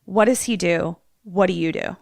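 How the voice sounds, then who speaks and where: A woman podcast co-host in casual chat, telling a horror film's plot in an animated way and acting out the characters. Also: lowish voice, moderate pace, creaky, no echo, clean studio sound. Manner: animated storytelling, acts out the characters.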